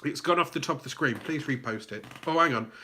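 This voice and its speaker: Speaking fast in a medium-pitched, sharp and slightly rough voice, this southern English man from England hosts a casual live Q&A stream. He's chatty, reads the chat aloud, and fills his talk with fillers and restarted sentences.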